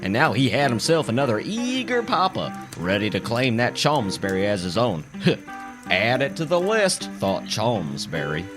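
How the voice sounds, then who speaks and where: A man's voice: mid-range voice, sing-song, a little slow. A man narrating a comic story in a theatrical storytelling manner. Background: music.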